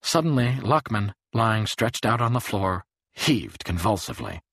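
A man narrating an audiobook in a dramatic, expressive way. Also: fairly low pitch, moderate pace, dry recording, studio quality. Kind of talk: scripted narration.

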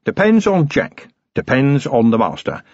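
A man's voice: medium pitch, very animated, measured pace, darkish tone, no room sound, lo-fi sound, pitched above the performer's own voice. A man reading an audiobook voices a blunt, stubborn male watch commander who answers in dry retorts.

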